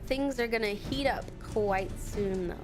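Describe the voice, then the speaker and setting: A woman's voice: medium pitch, measured pace, music in the background. A young adult woman streaming a game with casual, playful commentary, chatty and swearing freely.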